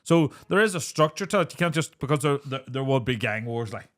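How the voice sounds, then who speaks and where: A man's voice: medium pitch, animated, a little fast, fairly bright tone. A man hosting a podcast, asking long, rambling questions in casual chat. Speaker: podcast host.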